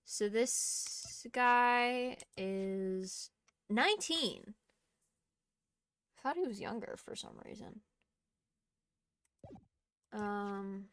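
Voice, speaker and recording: A woman's voice: mid-range voice, very slow, pauses often, fairly bright tone, clear, resonant tone, no echo. A young woman streaming a game, chatting casually with laughing asides and the odd swear. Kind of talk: casual gaming commentary.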